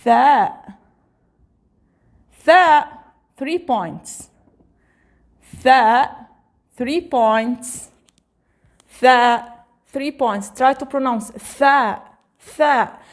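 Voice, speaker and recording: A woman teaching the alphabet, repeating each letter slowly for the listener to echo. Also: a little high. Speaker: Arabic teacher. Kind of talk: slow spoken alphabet lesson.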